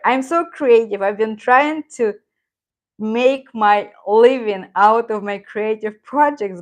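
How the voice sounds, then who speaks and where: A middle-aged native Russian speaker with a Russian accent and a medium-pitched voice hosts a live stream, chatting casually and rambling as she reads viewer comments and laughs often. She runs the channel and teaches Russian.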